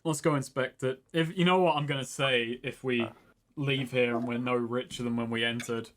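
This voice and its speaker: A man's voice: medium pitch, steady tone, normal speed, a bit bright, a little hiss or hum. A man playing a tabletop role-playing game, joking, grumbling and swearing in casual chat. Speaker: player.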